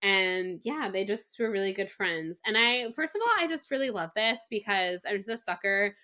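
A woman with a bright, sharp-edged voice chatting casually on a book podcast. She is playful, throws in quick jokey asides and laughs easily. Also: medium pitch, lively intonation. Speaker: podcast co-host. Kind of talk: casual book-club chat.

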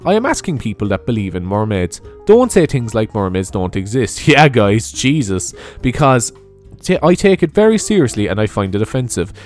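A man's voice: on the low side, big pitch swings, moderate pace, a little mellow, soft background music. A young man hosting a video, reading online questions aloud and commenting on them in a rambling, sweary, giggly way. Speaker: video host.

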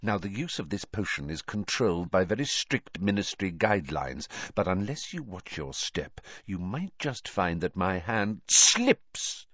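A man reading aloud and voicing a cold, menacing male teacher who speaks in a low, hissing way. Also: very animated, measured pace, hardly any pauses, a bit bright, dry recording, highs cut off, exaggerated voice.

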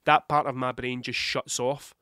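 A man's voice: mid-range voice, little pitch movement, normal speed, sharp tone, clean tone, no echo, clean studio sound. A Scottish man with a cold, coughing now and then, talking in a rambling, blunt, heavily sweary monologue. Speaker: podcast host. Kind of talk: casual monologue.

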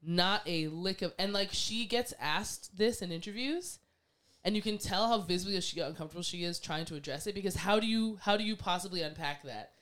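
Woman guest, casual chat, lively and opinionated, smooth resonant tone. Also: fairly low pitch, brisk. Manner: animated, acts out quoted voices, laughs often.

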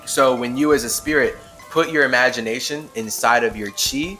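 A man's voice: mid-range voice, normal speed, pushed and bright, faint music behind. A man hosting a podcast, talking in a rambling, emphatic way and laughing often as he muses on spirituality. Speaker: podcast host. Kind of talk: casual spiritual monologue.

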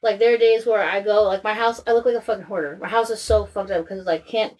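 A woman's voice: mid-range voice, steady tone, fast talker, over a noisy crowd. A woman in her thirties talking candidly in a casual chat, rambling and swearing freely.

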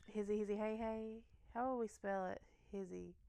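A woman's voice: mid-range voice, fairly even intonation, normal speed, creaky, warm tone, smooth, dry recording. A young adult woman co-hosting a podcast in casual chat, joking and laughing often. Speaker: podcast co-host.

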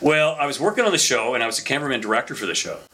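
Animated man telling stories, bright voice. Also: mid-range voice, racing. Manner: animated anecdotal storyteller with frequent fillers. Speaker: podcast guest telling stories. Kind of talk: casual storytelling chat.

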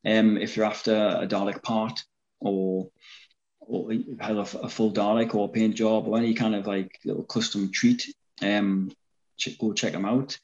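Chatty northeast English man, low voice. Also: level tone, moderate pace, a little mellow. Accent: North East English. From North East England. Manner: chatty, rambling, frequent ums and restarts. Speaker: interview guest, fan film actor. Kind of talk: casual interview chat. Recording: dull lo-fi sound.

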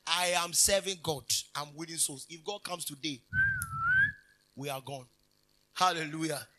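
A man's voice: a little high, unhurried, very noisy. A man preaching a conversational sermon, emphatic and jokey, breaking off with hallelujahs and laughter. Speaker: minister. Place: convention hall.

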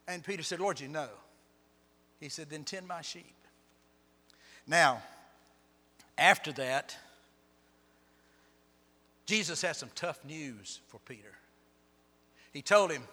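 A man preaching a sermon as pastor, telling Bible stories with sharp swings between loud and soft. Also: sits high, lively intonation, unhurried, pauses often, in a large hall. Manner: storytelling, dramatic shifts in loudness. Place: church sanctuary.

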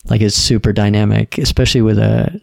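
A middle-aged man, a podcast guest, telling stories in a relaxed, casual way and quoting other people's lines. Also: lowish voice, fairly quick, gravelly, no room sound, clean studio sound. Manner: laid-back storyteller, quotes others in dialogue. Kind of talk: casual storytelling.

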